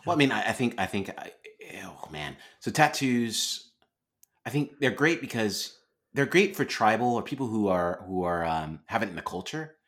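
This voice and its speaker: A man co-hosting a podcast in casual chat, halting and repeating words, with dry jokes. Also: fairly low pitch, big pitch swings, a bit bright. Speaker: podcast co-host.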